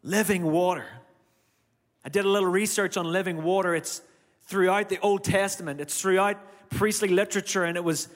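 A man's voice: high voice, fairly even intonation, brisk, big-room sound. A man with an Irish accent that has gone slightly American, preaching a sermon in a conversational way, with asides to the congregation. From Ireland. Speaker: pastor.

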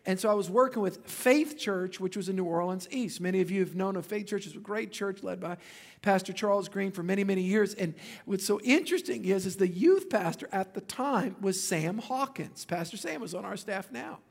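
High-voiced pastor preaching. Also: male voice, a little fast, vocal fry. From Louisiana. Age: 50s. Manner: animated storytelling with joking asides to the congregation. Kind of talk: sermon.

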